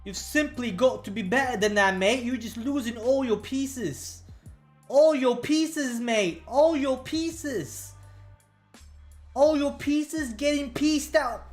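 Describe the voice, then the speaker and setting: A man's voice: very high-pitched, takes it slowly, voice pushed up. Guy doing a mashed-up brit-irish-aussie accent, trash-talking bloke, sing-song taunts, faint music underneath. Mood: taunting.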